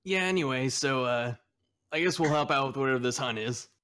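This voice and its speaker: Man, tabletop player, deadpan, dry quips, casual. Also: mid-range voice, fairly quick, clear, resonant tone.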